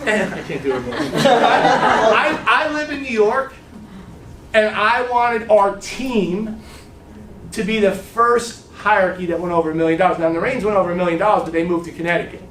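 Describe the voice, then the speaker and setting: A man giving a casual, animated business training talk to a group, blunt and swearing freely, often checking in with "right?". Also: high voice, normal speed, slight background noise. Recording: echoey room, mic far off.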